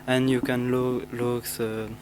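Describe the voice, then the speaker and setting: Teenage boy, halting speech, plain mid pitch, humming noise in the background. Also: level tone. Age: teens. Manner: halting, many restarts and fillers. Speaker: student. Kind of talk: self-introduction to pen pals.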